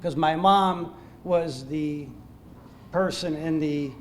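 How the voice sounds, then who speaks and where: An older man speaks to a gala crowd in a slightly high voice, halting and full of fillers. He sounds self-deprecating, and faint room noise sits underneath. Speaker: guest speaker at a gala, Army veteran. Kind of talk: informal remarks to an audience. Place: banquet hall at an evening gala.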